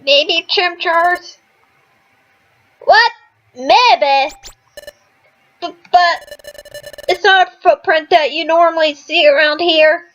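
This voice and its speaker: A woman's voice: very high voice, a bit bright, highs cut off, exaggerated voice. A woman voicing a hesitant little mole guard who stumbles over his report. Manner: hesitant, slow.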